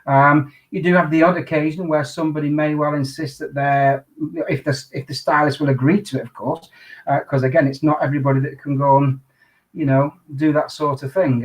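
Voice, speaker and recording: A man, an undertaker interviewed as a guest, telling his stories in an animated way. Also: a little high, a little fast, poor audio. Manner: animated anecdotal storyteller. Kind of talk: storytelling in an interview.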